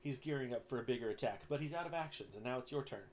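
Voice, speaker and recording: A man's voice: medium pitch, very fast, a little hiss or hum. Casual male game master narrating. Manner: casual, animated narration with sound effects. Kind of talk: narrating a tabletop game online.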